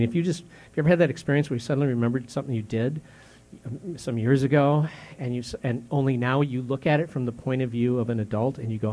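Conversational older pastor preaching. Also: male voice, mid-range voice. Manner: conversational, questioning, with many restarts and fillers; drops soft and slow on grave words, rises sharply when indignant. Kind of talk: sermon.

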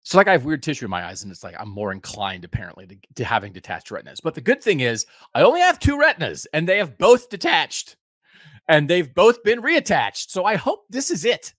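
A fiftysomething podcast host from the United States offers a rambling, self-deprecating update from home in a casual way. His voice is fairly high and fairly bright, swooping wildly in pitch as he talks fairly quickly. The sound is clean studio quality, with no room sound.

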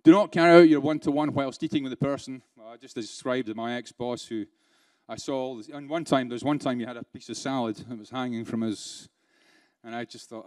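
In a conference room, a British-accented man gives a live keynote, conversational in tone and laced with rhetorical questions and dry sarcasm. His medium-pitched voice is steady and darkish, fairly quick, and the recording is dry.

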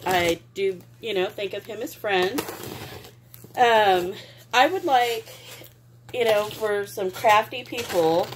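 A woman's voice: medium pitch, noisy background. Gushing woman vlogger. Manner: gushing, sentimental, exclaims often. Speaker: craft vlogger. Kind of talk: casual unboxing chat.

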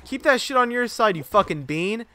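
A young man streaming a game live, giving excitable commentary full of profane trash talk. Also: high voice, normal speed, no room sound.

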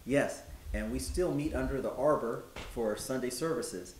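A man in a historical reenactment, playing someone who respectfully reports news of freed neighbors, listing facts in a measured way with many pauses and ums. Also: darkish tone, lightly acted. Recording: roomy with faint low rumble.

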